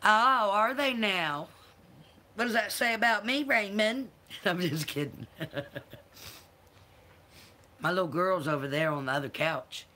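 A woman with a Southern accent who talks slowly on a relaxed livestream. Her voice is bright, and she greets viewers by name and coos to her pets. She sounds a little tired. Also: mid-range voice, a little hiss or hum. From American South. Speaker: livestream host. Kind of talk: casual livestream chat with viewers.

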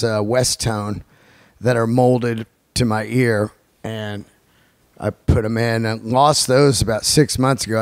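A podcast host in his 50s with a mid-range voice delivers a casual monologue that's loose, profane, and rambling. He tells stories in an animated way. The recording is dry and studio quality.

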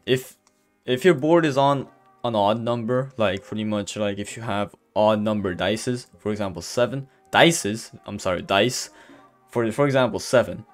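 A gameplay commentator records a casual voice-over separately from the footage, with faint music in the background. In a lowish voice at a moderate pace, he rambles with many fillers and restarts, openly stumbling and saying he's stuttering and can barely speak.

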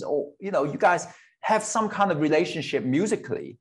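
A man's voice: a little high, animated, fairly quick. Candid man in his forties. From Hong Kong. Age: 40s. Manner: candid, swears casually, laughs between thoughts. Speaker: guest guitarist. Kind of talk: casual interview chat.

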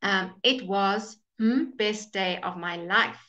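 A woman's voice: medium pitch, slow, sharp tone. A woman teaching English grammar in a live online class, explaining patiently and checking in with "okay?".

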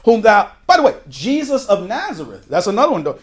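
A male pastor teaching verse by verse through a Bible book, talking conversationally with folksy asides and quick shifts between emphatic and quiet delivery. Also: high voice, huge pitch swings. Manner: emphatic, with sudden drops to a quiet voice.

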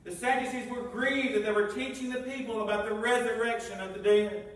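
High-pitched guy preaching in a big echoey church, mic kinda far away. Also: fairly even intonation, a little fast. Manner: reads scripture aloud and asks the congregation questions. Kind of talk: sermon. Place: church sanctuary.

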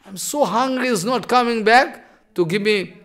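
A preacher puts on an enraged, starving wandering saint who barks and curses in a high, loud, bright voice. The tone is bright and cutting. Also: male voice, normal speed. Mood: angry shouting. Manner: shouting angry demands and curses. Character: hungry, furious wandering male saint.

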